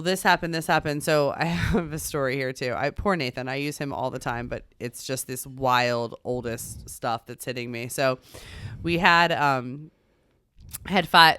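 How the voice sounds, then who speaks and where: A woman in her thirties co-hosting a parenting podcast, telling personal stories in an animated way and acting out the dialogue. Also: rumbling low, no room sound, clean studio sound. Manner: animated storyteller, acts out dialogue. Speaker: podcast co-host. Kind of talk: casual chat, personal storytelling.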